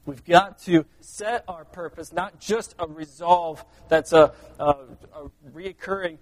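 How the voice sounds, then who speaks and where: A man preaching a sermon, earnest, swinging between loud emphasis and quiet asides. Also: on the high side, a little slow, few pauses, no echo. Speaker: pastor.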